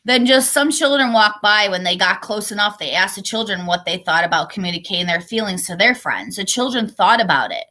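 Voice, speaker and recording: A woman's voice: mid-range voice, animated, fairly quick, hardly any pauses, pushed and bright. A woman reading her own children's book aloud, breaking off into digressive, apologetic asides.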